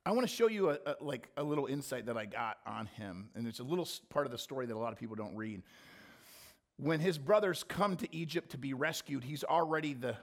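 A man preaching a sermon, swinging from quiet reflection to impassioned, near-shouted emphasis. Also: medium pitch, lively intonation, fairly quick. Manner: impassioned, rising to near-shouting when voicing scripture. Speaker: pastor.

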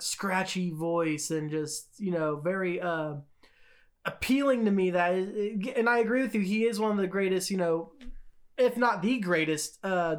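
A woman co-hosting a podcast, talking in a loose, chatty way. She rambles through her points, scattering fillers like "like" and "you know," with a mid-range voice. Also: medium pitch. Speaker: podcast co-host. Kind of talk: casual podcast chat.

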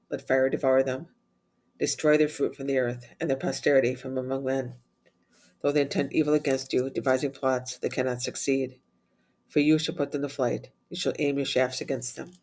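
A man reciting psalms, readings and short Latin prayers in a steady, measured way. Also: medium pitch. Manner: steady measured recitation, rattles off Latin refrains quickly and softly. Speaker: prayer leader.

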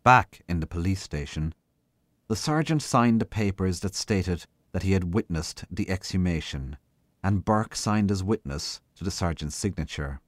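A man reading a short story aloud in a measured, unhurried way. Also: deep voice, expressive, dry recording. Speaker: guest reader.

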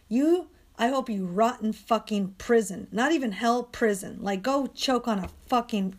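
Hoarse, strained woman, profane venting monologue, exasperated and ranting. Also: fairly high pitch, a little slow, few pauses. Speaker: dog walker and coach.

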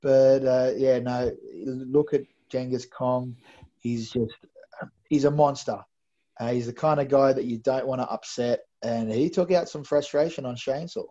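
He's a co-host on a wrestling recap show, speaking a little slowly in a mellow, medium-pitched voice with a steady tone. The talk is chatty musing broken by stammered restarts, captured in slightly dull, lo-fi sound.

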